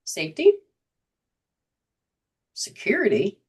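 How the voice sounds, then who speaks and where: A woman at a middle pitch, earnest and searching as she tells a story and keeps restarting her sentences. She hosts a casual talk about emotional healing. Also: huge pitch swings, slow, a little mellow, husky. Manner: earnest storytelling, quotes others, frequent restarts. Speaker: host, energy healer.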